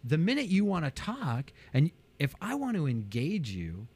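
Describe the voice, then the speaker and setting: A man, a business coach, talking animatedly in an interview and acting out quotes with big jumps in pitch. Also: huge pitch swings, normal speed, a little mellow, breathy edge.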